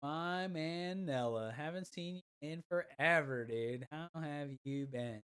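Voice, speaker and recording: A woman's voice: low voice, takes it slowly, fairly bright tone, clear, resonant tone. A woman streaming a game, chatting casually with her viewers in crude, profane, teasing banter. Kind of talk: casual gaming stream chat.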